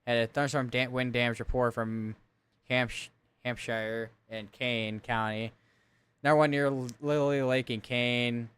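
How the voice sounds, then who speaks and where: A man's voice: mid-range voice, fairly even intonation, a little slow, fairly bright tone, smooth. A man giving live severe weather coverage, reading out storm reports and town lists and correcting himself as he goes. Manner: thinks aloud, reads town lists, corrects himself often.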